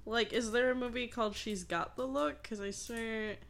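A woman's voice: a little high, fairly even intonation, moderate pace, a little hiss or hum. A woman chatting casually with friends during a word game, laughing often.

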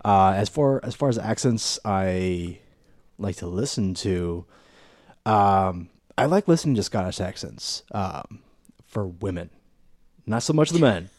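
A man with a lowish voice speaking in a casual podcast chat, measured and a little wry. He pauses on filler uh's, and the recording is dry and close. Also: lively intonation, darkish tone, dry recording.

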